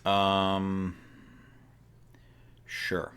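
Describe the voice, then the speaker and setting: A man's voice: low-pitched, completely flat delivery, a bit bright, smooth. A young man co-hosting a casual comedic chat, thinking aloud and mumbling to himself as he plays a wrestling booking game. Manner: unhurried, mumbles to himself while deciding.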